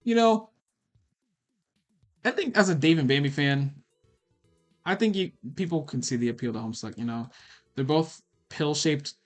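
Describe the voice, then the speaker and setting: A man's voice: mid-range voice, a bit bright. A young man answering chat questions on a casual livestream, rambling and swearing with many fillers. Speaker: animator streaming a Q&A.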